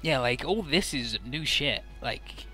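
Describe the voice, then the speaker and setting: A man's voice: mid-range voice, expressive, slow, pushed and bright, faint music behind. Loose, profane man commenting on a game. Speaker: let's player.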